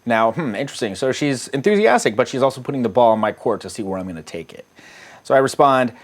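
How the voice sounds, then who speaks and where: Speaking quickly and expressively at a medium pitch, a middle-aged American man reads his dating-app chats aloud. He's a dating coach with a casual, profane style who often laughs at his own jokes.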